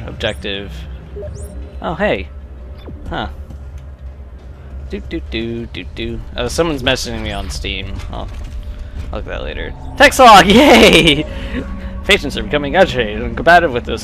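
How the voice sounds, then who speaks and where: A young man casually commenting while playing a game, tipsy from drinking and breaking into loud joking outbursts. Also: medium pitch, vocal fry. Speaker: gamer doing a let's play. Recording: game music playing behind.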